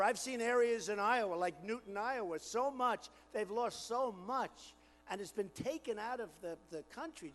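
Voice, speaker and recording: Boastful, high-pitched rally speaker man. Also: in a large hall. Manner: boastful, repetitive, riffing to the crowd; building to shouted crescendos. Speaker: political candidate at a rally. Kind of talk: campaign rally speech.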